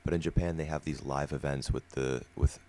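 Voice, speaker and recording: A man with a remarkably deep, low voice talks through his views at an easy pace. He co-hosts a casual podcast discussion and explains things at length in a relaxed way. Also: brisk, slight background noise. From United States. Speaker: podcast co-host.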